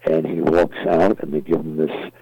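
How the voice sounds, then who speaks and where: A man's voice: a bass voice, level tone, moderate pace, warm tone, breathy edge, dry recording. An older man, a guest entertainer, telling rambling stories in an interview with many fillers and restarts, in a dull, dry, lo-fi recording. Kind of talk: interview storytelling.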